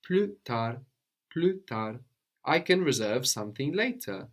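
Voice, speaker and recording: A man teaching a language lesson, patient and probing, often checking with a quick "no?". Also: medium pitch, sing-song. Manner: patient, prompts with questions, tag "no?".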